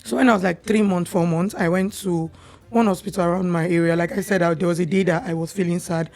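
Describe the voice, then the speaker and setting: A young Nigerian woman, a podcast guest, telling her personal story in a candid, animated way. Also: lowish voice, fast, soft background music.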